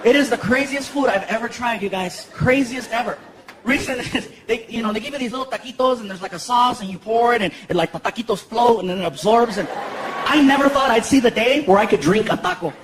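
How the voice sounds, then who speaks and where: A male stand-up comedian telling stories in an animated way, laughing as he talks in front of a live theater audience. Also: extremely high pitch, fairly quick. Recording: echoey theater, loud laughing crowd.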